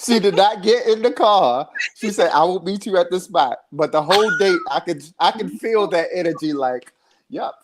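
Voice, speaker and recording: A man co-hosting a podcast, telling dating stories in a rambling, profane, animated way. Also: sits high, normal speed, slight background noise. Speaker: podcast co-host. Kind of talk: casual chat, storytelling.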